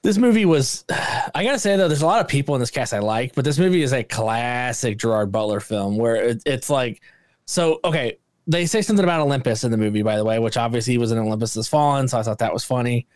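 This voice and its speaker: A man's voice: medium pitch, quick pace, no echo. A man co-hosting a movie podcast, chatting casually and ranting with frequent swearing. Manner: animated, swears a lot, rants with raised voice. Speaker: podcast co-host. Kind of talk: casual movie review chat.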